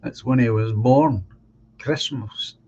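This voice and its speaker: A man hosting a live stream, chatting casually and giving opinions, halting and restarting as he talks. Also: medium pitch, a little mellow, slightly rough. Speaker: live stream host reading viewer comments. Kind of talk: casual chat. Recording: dull lo-fi sound with faint hum.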